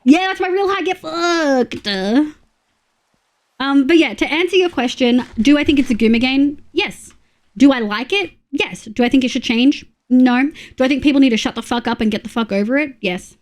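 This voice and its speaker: Aussie girl streaming, kinda high voice, swears a lot, chats with chat while building stuff. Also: lively intonation, brisk. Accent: Australian. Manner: blunt, sweary, greets chat warmly, hums while building. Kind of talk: casual live-stream chat while gaming.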